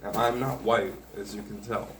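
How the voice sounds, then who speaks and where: Low-voiced man telling a rambling story. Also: steady tone, moderate pace, recorded from a distance, noisy background. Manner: meandering, sardonic, hedging asides. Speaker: vlogger.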